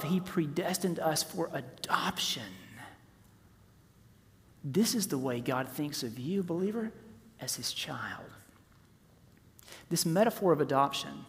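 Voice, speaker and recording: A man in his forties preaching a sermon, rising to loud emphasis and dropping to hushed, near-whispered softness. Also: fairly high pitch. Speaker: pastor. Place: church sanctuary. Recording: long reverb of a large hall.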